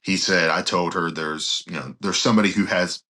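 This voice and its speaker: A man's voice: deep voice, moderate pace. A male pastor guest on a podcast, telling anecdotes and acting out the dialogue of the people in them. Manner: animated anecdote-telling, acts out quoted dialogue. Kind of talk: storytelling in a podcast interview.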